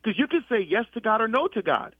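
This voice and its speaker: A middle-aged deacon from the US East Coast in a conversational faith talk, telling his story with many restarts and animated quoted exchanges. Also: sits high, fast, slightly rough, no echo. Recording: dull lo-fi sound.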